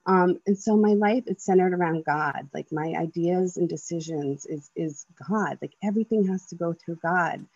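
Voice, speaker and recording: A woman's voice: fairly low pitch, moderate pace, few pauses, darkish tone, husky, no echo, lo-fi sound. A woman in her thirties giving an earnest personal share at a twelve-step meeting, talking loosely with many ums, likes and restarts.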